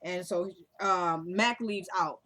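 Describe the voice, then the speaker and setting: A woman's voice: on the low side, takes it slowly, pushed and bright. A young woman casually retelling a TV episode, acting out the characters' lines in a chatty way. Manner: chatty retelling with quoted dialogue. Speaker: recap host.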